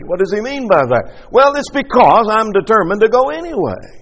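A man's voice: high-pitched, big pitch swings, moderate pace, fairly bright tone, lo-fi sound. Male preacher, sermon, emphatic, rhetorical questions, long reverb. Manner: emphatic, rhetorical questions, repeats key lines.

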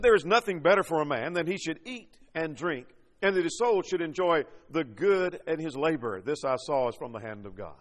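A man's voice: fairly high pitch, big-room sound. A man preaching a sermon, reading scripture and building points with rising and falling emphasis.

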